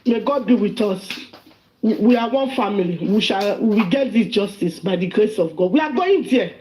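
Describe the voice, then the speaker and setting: A woman's voice: mid-range voice, expressive, moderate pace, dark tone, a little hiss or hum. A woman with a Nigerian accent calling into a live audio chat, speaking angrily and with animation as she mixes pidgin and English. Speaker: caller.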